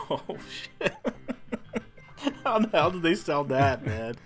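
A man's voice: a little high, big pitch swings, drawn-out words, faint music behind. A man co-hosting a podcast, casually telling a story, swearing freely and laughing a lot. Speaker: podcast co-host. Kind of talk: casual chat.

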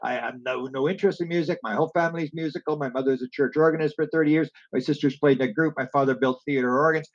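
A man's voice: mid-range voice, lo-fi sound. A man telling long rambling stories in an interview, acting out the exchanges he quotes, with frequent restarts. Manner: digressive storyteller, acts out quoted exchanges, many restarts. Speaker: guest telling stories about music and alien experiencers. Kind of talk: rambling anecdotal interview talk.

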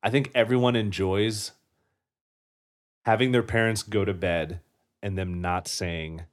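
A man's voice: fairly low pitch, steady tone, unhurried. A young man co-hosting a casual chat, joking around and slipping into silly voices. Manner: playful, jokey, slips into silly voices. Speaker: podcast co-host.

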